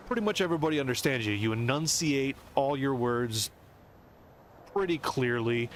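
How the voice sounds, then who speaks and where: A man's voice: medium pitch, fairly bright tone, a little hiss or hum. An American man streaming a game, rambling and musing as he explains things at length. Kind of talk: casual rambling commentary.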